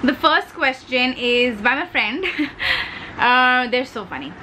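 Chatty Indian woman, slightly high voice. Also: expressive, slow pace, sharp tone, a little hiss or hum, low-quality recording. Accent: Indian English. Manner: chatty and playful, slips Hindi words in. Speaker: beauty vlogger. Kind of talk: casual chat while doing makeup.

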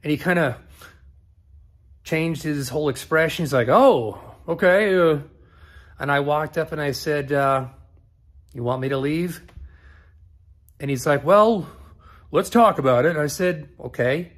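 A middle-aged man tells a story straight to camera in a loose, conversational way. He acts out both sides of an argument on the phone with plenty of energy, and his voice sits a little higher than most men's. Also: unhurried, pauses often. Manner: animated retelling, acting out both sides of phone calls. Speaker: car-build vlogger.

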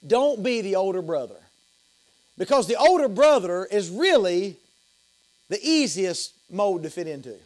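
A middle-aged male pastor with a Southern US accent preaching a sermon, emphatic, repeating phrases and swinging from loud to hushed. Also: high-pitched, very animated, measured pace.

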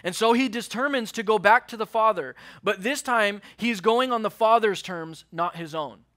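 A young man delivers an earnest youth sermon in a high, bright voice. He acts out the quotes in the scripture and drops to a near hush on key words. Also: normal speed. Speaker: youth pastor. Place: church youth service.

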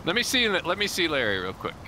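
A man's voice: a little high, wildly swooping pitch, fast, sharp tone, slight background noise. A man co-playing a game, trading dry, mock-grumpy banter. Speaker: co-player. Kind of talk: casual gameplay chat.

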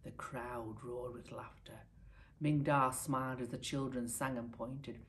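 A primary school teacher from the United Kingdom reads a picture book aloud to her pupils. Her low voice is expressive and lively, and she tells the story at an unhurried pace.

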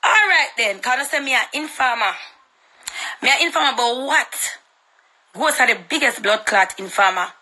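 A woman's voice: sits high, expressive, moderate pace, bright, forceful tone, low-quality recording. A young Jamaican woman with a Jamaican accent delivering a confrontational, profanity-laced social media rant.

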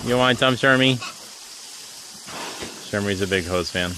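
A man's voice: fairly low pitch, unhurried. A man homesteader chatting casually and fondly to his pigs outdoors on a farm, using doting baby talk. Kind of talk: casual vlog chat with animals. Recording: outdoor farm noise and animals.

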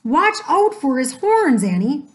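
A cautious, bookish young boy from a storybook, as a woman reader puts him on. He sounds anxious and a little bossy, with a raised pitch and a slow, careful pace. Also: sing-song. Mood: worried. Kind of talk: storybook reading.

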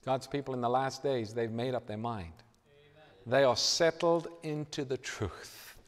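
A man preaching a sermon in a church, dramatic, swinging from loud emphasis to hushed tones. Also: mid-range voice, unhurried. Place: church hall. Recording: reverberant church hall.

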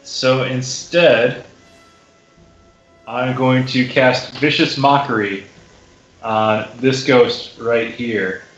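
A man's voice: fairly even intonation, very slow, long pauses, muffled recording. A man playing a tabletop game, playful and a little hesitant. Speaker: player. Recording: echoey low-fi sound with faint music.

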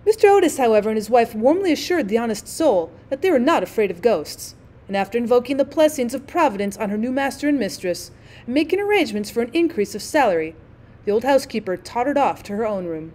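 Higher-voiced woman narrating a classic story. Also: sing-song, quick pace, a little mellow. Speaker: teacher reading aloud.

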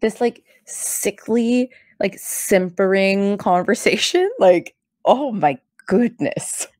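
A woman's voice: medium pitch, slow, dry recording. A young woman co-hosting a podcast, recapping a show in casual chat, giggly and acting out quotes. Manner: animated, giggly, acts out quotes. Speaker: podcast co-host.

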